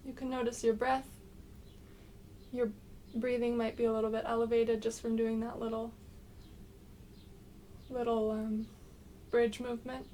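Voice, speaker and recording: Gentle woman guiding a slow workout. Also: on the high side, flat delivery, distant mic, slight background noise. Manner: gentle, unhurried cueing with frequent ums. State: slightly congested from a cold. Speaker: movement instructor. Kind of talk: guided exercise class.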